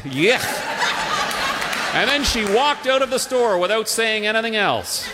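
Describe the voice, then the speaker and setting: A man's voice: sits high, moderate pace, crowd noise, noisy background. A man telling a humorous story on stage with wry, playful emphasis. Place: theatre stage with live audience. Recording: long hall reverb, live stage.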